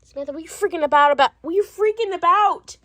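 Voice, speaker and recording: A woman's voice: extremely high pitch, racing, pushed and bright. A woman voicing an insistent young female friend who keeps repeating her questions in a doll-play story.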